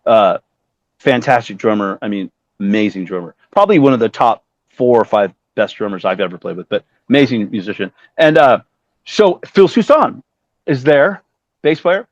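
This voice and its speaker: A man in his fifties telling stories casually as a musician guest, animated and acting out the voices of other people he quotes. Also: mid-range voice, normal speed, no echo. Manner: animated, acts out quoted voices, swears freely. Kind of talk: casual storytelling. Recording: dull dry lo-fi sound.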